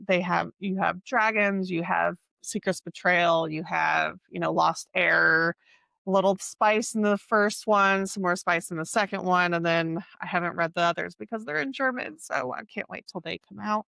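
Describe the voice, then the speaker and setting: A woman's voice: fairly low pitch, moderate pace, gravelly, bright, forceful tone, no room sound. A woman co-hosting a podcast, talking casually about books, stopping often to search for the right word. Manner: chatty, searches for words, many fillers. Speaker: podcast co-host. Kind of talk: casual book chat.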